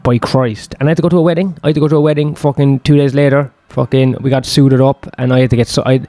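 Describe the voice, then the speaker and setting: A man's voice: mid-range voice, steady tone, fast, dark tone, dry recording, soft background music. A man, telling a long personal story in a rambling, profane, self-deprecating way. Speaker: host.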